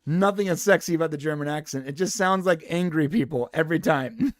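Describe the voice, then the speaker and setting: A man's voice: on the high side, brisk, dry recording, clean studio sound. A man co-hosting a casual podcast chat, playful and rambling, laughing often. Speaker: podcast co-host.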